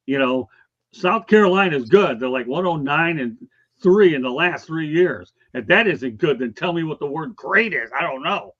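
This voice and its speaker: A man's voice: on the high side, expressive, normal speed, a bit bright, muffled recording. A man hosting a sports talk show, casual and emphatic, pushing his opinions hard. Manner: emphatic, opinionated, keeps saying okay.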